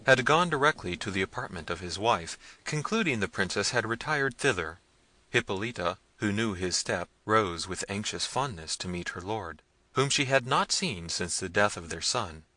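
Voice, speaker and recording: A man reading a gothic novel aloud in measured, scripted narration. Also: fairly low pitch, animated, pushed and bright. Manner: measured storytelling. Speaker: audiobook narrator.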